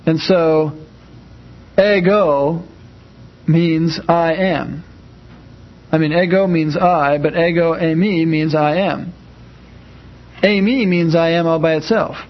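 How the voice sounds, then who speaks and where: A man's voice: fairly high pitch, dull audio. A man teaching an informal class, talking in a conversational way and acting out spoken examples, with frequent fillers.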